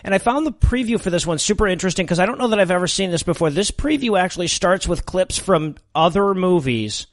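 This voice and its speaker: Fast, dry-sounding podcast host man. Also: high voice, animated, dry recording. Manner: brisk, wry, laughs often. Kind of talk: casual podcast chat and outro.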